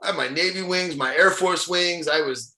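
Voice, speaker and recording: Appearing as a guest on a podcast, a motivational speaker from Ohio, USA, middle-aged, shares stories casually at a moderate pace. He's animated and forceful, with a fairly high, bright voice and frequent chuckles, recorded in a room with noticeable echo.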